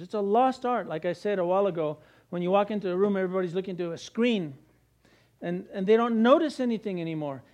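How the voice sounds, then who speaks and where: Lively high-voiced male preacher. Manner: animated, jokey asides with acted-out quotes. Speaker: pastor. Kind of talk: sermon.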